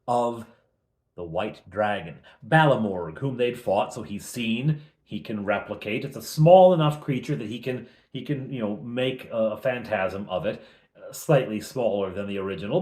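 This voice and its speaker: A middle-aged man recapping a tabletop game as its game master, telling it in an animated way with chuckles. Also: mid-range voice. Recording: roomy echo.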